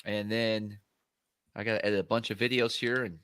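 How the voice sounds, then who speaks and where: A man hosting a fishing livestream, talking in a relaxed, easygoing way. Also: lowish voice, moderate pace, clean tone. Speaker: host. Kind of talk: casual livestream chat.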